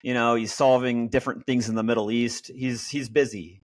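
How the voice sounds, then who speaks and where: A man's voice: medium pitch, steady tone, dry recording. Podcast host guy recapping stuff, dry close mic, mid voice. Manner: steering the talk, quick recaps. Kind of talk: casual podcast chat.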